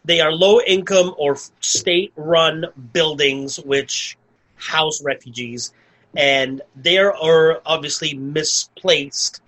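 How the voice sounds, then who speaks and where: A man's voice: a little high, slow, fairly bright tone, poor audio. A man co-hosting a podcast, recapping a film in casual chat, rambling with lots of "like" and restarts. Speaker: podcast co-host. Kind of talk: casual movie review chat.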